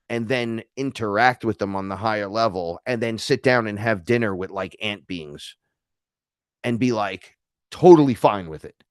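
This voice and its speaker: A man from New York, a podcast guest, telling stories in a casual, animated way, swearing and acting out the dialogue. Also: on the low side, clear, resonant tone, no room sound, clean studio sound. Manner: animated, profane, acts out quoted dialogue. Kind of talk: casual storytelling conversation.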